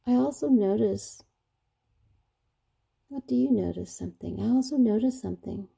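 Teacher, female: slow, patient read-aloud voice with a gravelly, husky tone. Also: on the high side, dark tone. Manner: asks children questions, slow and patient. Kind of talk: picture-book read-aloud lesson.

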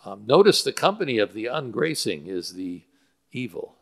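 A man's voice: on the low side, very animated, moderate pace, vocal fry. Guy preaching in a church, teaches greek words with lots of um, echoey hall. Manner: explains Greek word roots, uses fillers. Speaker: pastor. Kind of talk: sermon. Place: church sanctuary. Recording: church hall with long reverb.

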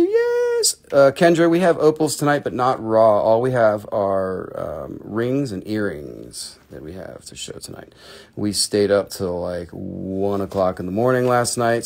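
A man's voice: fairly low pitch, creaky, darkish tone. A man in his forties hosting a live crystal sales show, chatty and jokey, sometimes slipping into a put-on accent. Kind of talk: casual live-stream selling.

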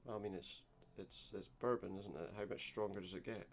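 A man's voice: lowish voice, fairly even intonation, fairly quick. A man giving gameplay commentary, reading game text aloud with dry, sarcastic asides. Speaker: let's play host.

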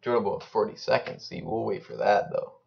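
A man's voice: fairly low pitch, fairly quick, creaky. Rambling young man gaming on a lo-fi mic. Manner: rambling, joking, slangy, mumbles while typing. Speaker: gaming YouTuber. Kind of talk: casual gameplay commentary. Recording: slightly dull lo-fi mic.

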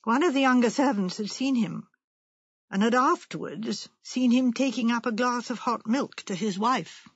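A woman's voice: fairly high pitch, breathy edge, no echo. A woman reading the lines of a blunt older colonel telling a story, in plain matter-of-fact narration. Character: retired English colonel, older man, blunt. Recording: muffled lo-fi.

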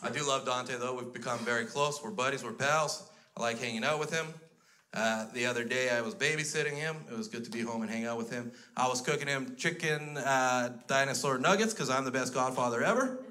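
A man's voice: mid-range voice, brisk, sharp tone. A Canadian man doing stand-up comedy on stage, telling crude stories in an exasperated tone. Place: comedy stage before a live audience. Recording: live show with audience noise. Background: audience laughter.

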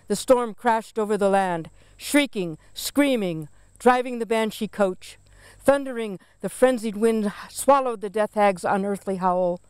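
Slow, resonant woman reciting a poem. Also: medium pitch, a little mellow, smooth, no room sound. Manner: solemn, deliberate recitation. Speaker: poet reading her own work. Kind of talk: poetry reading.

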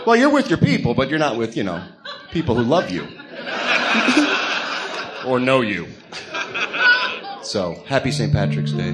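A man's voice: fairly high pitch, heavy background noise. A man co-hosting a live comedy podcast on stage, reading listener notes and teasing a guest, laughing often. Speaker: podcast co-host. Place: stage before a live audience. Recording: live audience audible.

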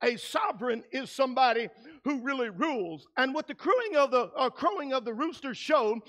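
Pastor guy preaching hard, really high voice, gets loud and shouty. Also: lively intonation, a little fast. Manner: emphatic preaching, rising to shouts; acts out quoted voices in his own voice. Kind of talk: sermon.

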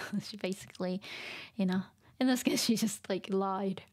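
A woman teaching vocabulary in a casual livestream lesson, softly mixing Japanese and English and laughing often. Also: medium pitch, moderate pace.

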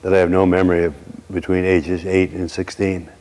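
A middle-aged man from Brooklyn, preaching through a personal story with wry asides and slow dramatic pauses. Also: deep voice, little pitch movement, a little mellow, big-room sound. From Brooklyn, New York. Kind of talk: sermon storytelling.

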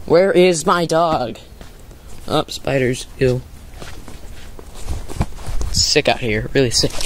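A young man with a fairly high voice vlogs casually, rambling and upbeat as he talks straight to his viewers, first from home and then from his front yard. There's slight background noise.

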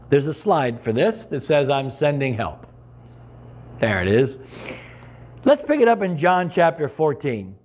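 A man's voice: a little high, very animated, unhurried, long pauses, darkish tone. A middle-aged man preaching a sermon as pastor, earnest and conversational, with sudden emphatic rises.

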